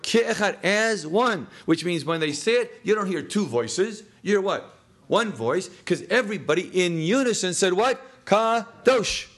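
A man leading a classroom text study in a slightly higher voice. He fires questions at the students and often answers them himself, dropping in little jokes and chuckles as he goes. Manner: jokey, chuckles at his own lines. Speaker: teacher.

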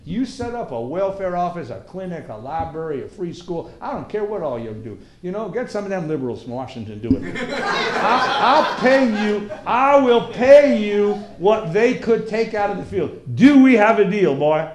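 Give me a man putting on a blustering middle-aged Texan farmer who guards his field and bargains hard. He talks with a loud folksy drawl, high and indignant. It sounds roomy, like a lecture hall. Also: big pitch swings, normal speed, background noise. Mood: wheedling. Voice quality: folksy drawl, calls listener son and boy.

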